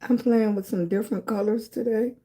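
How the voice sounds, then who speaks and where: A woman's voice: fairly high pitch, fairly even intonation, a little fast, dark tone. A middle-aged woman hosting a casual live stream, chatting with viewers and greeting them with pet names like baby and sweetie. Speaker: livestream host.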